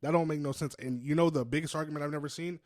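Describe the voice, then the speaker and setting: A young man co-hosting a podcast in casual, slangy chat, swinging between loud bursts and low, quiet stretches. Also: fairly even intonation, rapid-fire, no room sound, clean studio sound. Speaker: podcast co-host.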